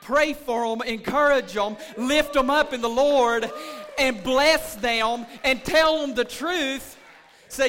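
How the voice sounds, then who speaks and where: A man preaching a sermon as pastor of a church, rising from calm talk to shouting. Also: extremely high pitch, slow, big-room sound. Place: church sanctuary.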